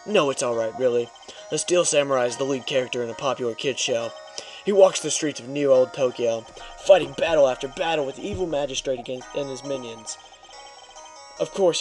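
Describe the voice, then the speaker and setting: A mild young actor, soft-spoken and a bit nervous, telling his side plainly, read in a man's everyday voice. a game character with little put-on, steady and mid-pitched. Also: natural voice. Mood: explaining.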